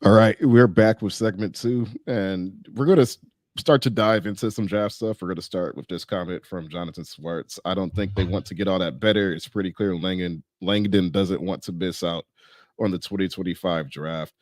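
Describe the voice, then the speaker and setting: A man from Detroit co-hosting a basketball podcast as a sports writer, talking in a measured, analytical way. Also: deep voice, darkish tone, no room sound. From Detroit, USA. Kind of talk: casual sports podcast chat.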